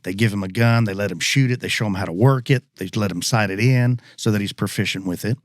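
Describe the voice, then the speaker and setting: A man's voice: fairly low pitch, fast, dry recording, clean studio sound. A man telling a listener's hunting story in easygoing podcast chat. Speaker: podcast co-host. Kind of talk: casual storytelling.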